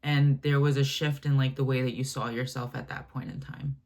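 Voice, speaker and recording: Gravelly-voiced woman giving a spiritual reading. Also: very deep voice, little pitch movement, normal speed. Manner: gentle, affectionate, addresses listener as my love and baby; meandering, filler-heavy, self-correcting. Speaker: channeled message reader.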